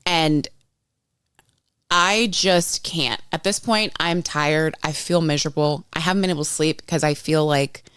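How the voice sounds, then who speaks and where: A woman's voice: deep voice, measured pace, a bit bright, clear, resonant tone, dry recording, clean studio sound. A woman, candidly telling a personal story on a podcast, frank and swearing, acting out what others said. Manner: frank, swears freely, acts out others' lines. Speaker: podcast guest.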